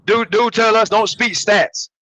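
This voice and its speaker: With a crowd audible behind him, a male co-host of a basketball podcast tears into a heated, profanity-laced rant at speed. His voice is high and his tone steady, and the recording is rough.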